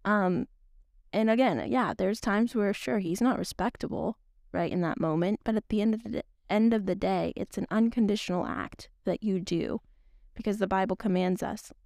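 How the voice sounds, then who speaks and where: A woman's voice: mid-range voice, normal speed, vocal fry, a little mellow, no room sound, clean studio sound. A young woman hosting a podcast, talking in a casual, earnest, rambling way with many restarts. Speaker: podcast host. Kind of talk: casual faith talk.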